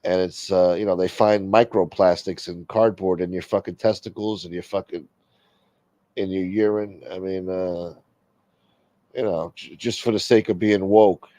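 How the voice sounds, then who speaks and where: A middle-aged livestream host rambles and complains in casual talk laced with heavy swearing. His low voice is steady and dark at a moderate pace, and the dry recording has dull lo-fi stream quality.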